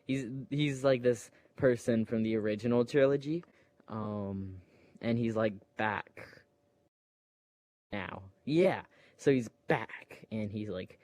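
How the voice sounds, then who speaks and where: A man retells a film in a loose, unhurried way, pausing on fillers and acting out the scenes with sound effects. His voice sits at an average pitch for a man, and it sounds dry and close, with no room echo. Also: darkish tone. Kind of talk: casual rambling retelling.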